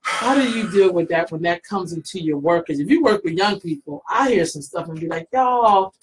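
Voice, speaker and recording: A man's voice: on the high side, expressive, fairly quick, a little hiss or hum, poor audio. A man hosting a casual interview, encouraging his guest and asking reflective questions. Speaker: host.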